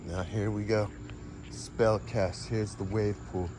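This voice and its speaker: A vlogger with a lowish voice delivers a slow, flat, half-improvised monologue, drifting from one fanciful idea to another and swearing mildly at times. Background noise can be heard.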